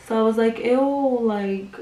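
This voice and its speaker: A woman's voice: on the high side, unhurried, dark tone. Chatty young woman, roomy and distant. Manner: chatty, swears freely, heavy use of "like". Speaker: beauty vlogger. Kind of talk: casual storytelling while doing makeup. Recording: roomy sound, mic at a distance.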